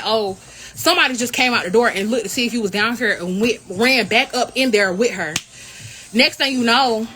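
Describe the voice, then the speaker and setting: A young woman, a member of a college royal court, telling an indignant, animated story in a casual vlog. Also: on the high side. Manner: animated, indignant retelling with quoted dialogue.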